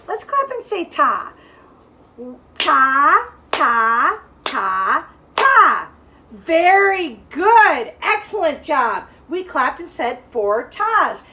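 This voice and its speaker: A woman music teacher leading a lesson for young children, speaking clearly and encouragingly and chanting rhythm syllables for them to copy. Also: very high-pitched, a bit bright.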